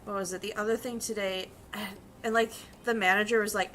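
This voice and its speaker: Chatty, bright-voiced young woman streamer. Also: medium pitch, steady tone, moderate pace, a little hiss or hum. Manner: chatty, profane, storytelling with quoted voices. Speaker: vtuber streamer and bank teller. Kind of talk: casual chat while drawing.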